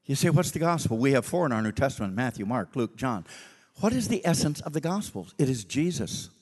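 A male preacher telling a story in a sermon, animated and acting out the dialogue. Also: medium pitch, a little fast, husky, in a large hall.

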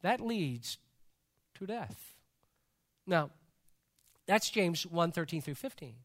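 A man's voice: on the high side, very animated, slow, fairly bright tone. A male pastor preaching a sermon in a church service, talking conversationally and joking with the congregation.

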